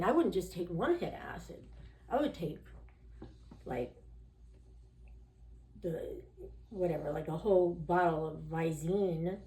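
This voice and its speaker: A woman's voice: fairly low pitch, darkish tone. A woman guest on a podcast interview telling her own story in a candid, rambling way, full of "you know" and "like," and often acting out the voices of people she quotes. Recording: roomy echo.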